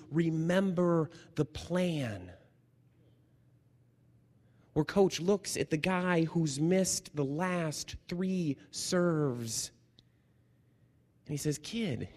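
A man preaching in a large hall where his voice hangs in a long reverb. He talks slowly and deliberately, swinging from loud, lively bursts to hushed, almost whispered lines. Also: fairly high pitch. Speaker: chaplain and preacher. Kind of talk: sermon.

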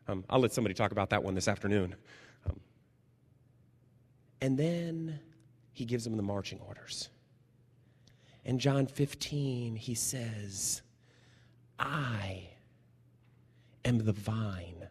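A man preaching in a large hall where his voice hangs in a long reverb. He talks slowly and deliberately, swinging from loud, lively bursts to hushed, almost whispered lines. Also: medium pitch, husky. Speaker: chaplain and preacher. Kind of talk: sermon.

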